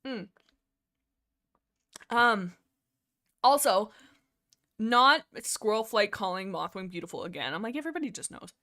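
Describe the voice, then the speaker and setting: Woman streamer, casual fan chat, excitable rambler who gushes, laughs and restarts her sentences. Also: mid-range voice, unhurried, long pauses. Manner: laughs often, self-corrects mid-sentence. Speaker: livestream host.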